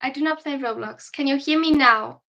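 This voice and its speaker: A woman's voice: high-pitched, moderate pace, vocal fry, pushed and bright, dull audio. A young German woman, a non-native English speaker with a German accent, chatting tiredly on her livestream and answering viewer questions. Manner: chatty, reads comments aloud and answers them. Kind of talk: casual livestream chat reading viewer questions.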